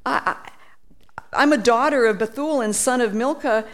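A woman preaching a sermon, animated, acting out quoted voices and reading scripture aloud. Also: fairly high pitch, normal speed.

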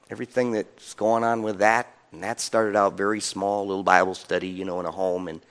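A male pastor preaching a sermon in an animated, conversational way, chuckling often as he tells stories. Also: medium pitch. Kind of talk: sermon storytelling.

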